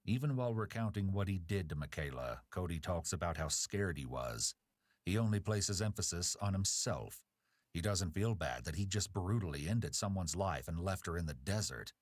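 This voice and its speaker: A man narrating a true crime documentary in a measured, judgmental tone. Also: sits low, expressive, dry recording, studio quality.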